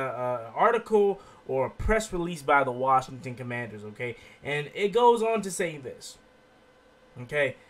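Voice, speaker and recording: An excitable man with a high voice hosts his own sports show and rambles through breaking news. He keeps tacking "okay?" onto his sentences and sounds a bit under the weather. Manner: excitable, rambling, repeats 'okay?' often. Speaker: sports video host. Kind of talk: excited casual sports commentary.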